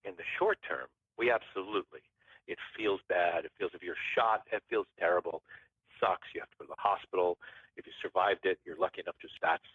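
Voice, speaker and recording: A man's voice: sits low, fairly quick, slightly rough, no room sound. A man telling a story as a podcast guest in a casual, rambling way, often restarting his phrases. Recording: tinny phone-line sound.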